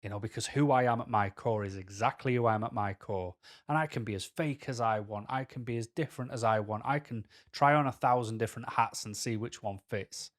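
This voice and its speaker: A man's voice: mid-range voice, fairly quick, few pauses. A man with a Mancunian accent talking candidly to camera as a vlogger, rambling through personal stories with tangents.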